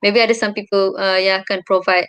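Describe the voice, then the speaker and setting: Hesitant young Malaysian woman, smooth voice. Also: medium pitch, flat delivery, fast, fairly bright tone, no echo. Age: young adult. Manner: hesitant, searching for words with many fillers. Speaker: interview guest, university student abroad. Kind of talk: casual chat.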